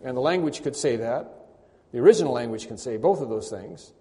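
A man's voice: mid-range voice, animated, a little fast, mellow. A male pastor preaching a sermon, stressing and repeating key phrases with rising force. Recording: long hall reverb.

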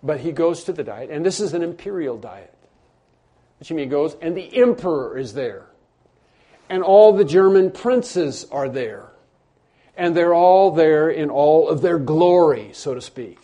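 A man delivers a sermon as a story, his voice mellow and a little high for a man. He drops to near-whispers and then builds to emphatic lines, often stumbling over and repeating his words. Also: expressive, measured pace. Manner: earnest storytelling, swings between hushed and emphatic. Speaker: preacher.

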